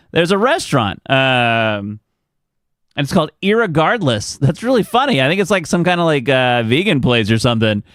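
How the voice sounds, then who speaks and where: A man streams live, chatting casually with viewers and telling rambling stories about his family, chuckling often. His medium-pitched voice is smooth and a bit bright, on a dry, studio-quality recording.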